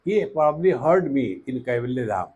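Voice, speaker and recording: Husky-voiced Indian man giving a discourse. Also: mid-range voice, animated, normal speed, a little mellow, dull audio. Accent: Indian English. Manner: anecdotal, humorous storytelling. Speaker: spiritual teacher. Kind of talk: spiritual discourse.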